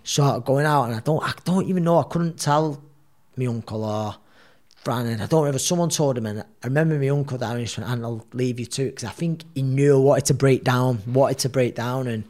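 A man, telling a story as a podcast guest in a rambling, animated way, full of fillers. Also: mid-range voice, brisk. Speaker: guest, boxer.

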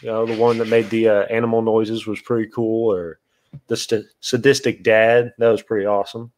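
A man's voice: lowish voice, little pitch movement, moderate pace, darkish tone, a little hiss or hum. Easygoing man guest who laughs. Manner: easygoing, laughs after his points. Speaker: podcast guest. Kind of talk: casual movie review chat.

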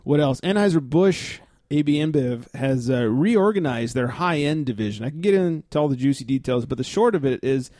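A man's voice: medium pitch, expressive, fairly quick, few pauses, a little mellow, no echo, studio quality. A man hosting a beer podcast, chatting through the news and laughing as he reads stories aloud.

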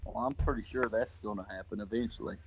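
A man's voice: on the low side, quick pace, heavy background noise. A man from the American South co-hosting a podcast, chatting casually with dry humor. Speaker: podcast co-host. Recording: dull lo-fi sound.

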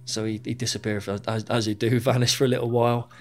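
A man's voice: mid-range voice, little pitch movement, fast. A British man and former soldier, telling his own story in an interview, candid and plain-spoken, with frequent swearing and repeated words. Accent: British English.

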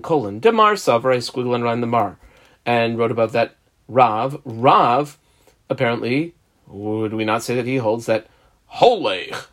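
A man giving a Talmud lesson, explaining each step and marking the text aloud as he reads. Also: medium pitch. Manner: explains step by step, marks text aloud, uses example names. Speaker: Talmud teacher.

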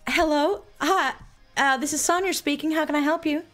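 A woman's voice: high voice, normal speed, fairly bright tone, soft background music, pitched above the performer's own voice. A woman voicing Sonia, an eager flirtatious woman on a phone call, in a generic American accent. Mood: flirty.

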